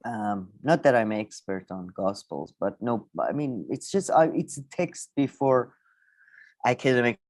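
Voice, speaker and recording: A man co-hosting a casual podcast chat, animated and quick to laugh. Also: dry recording. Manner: animated, laughs often, lively pitch. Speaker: co-host.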